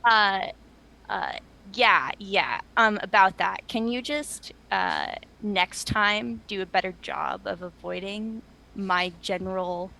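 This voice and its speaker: Woman playing a fidgety bearded man hiding something, flustered denials, bright voice. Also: medium pitch, takes it slowly, vocal fry, heavily acted. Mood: uneasy. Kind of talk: tabletop role-play.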